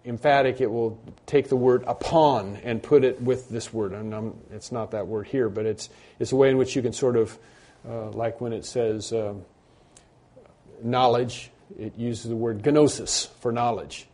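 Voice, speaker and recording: Man, pastor, expository sermon, dark relaxed voice, fillers and restarts, emphatic bursts. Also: medium pitch, unhurried. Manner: conversational preaching with frequent fillers and restarts; rises to emphatic bursts on key points.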